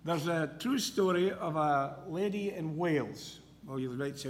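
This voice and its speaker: Preacher, slightly high voice. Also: male voice, animated, unhurried, hardly any pauses, long reverb tail. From Scotland. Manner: storytelling, homely asides. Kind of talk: sermon.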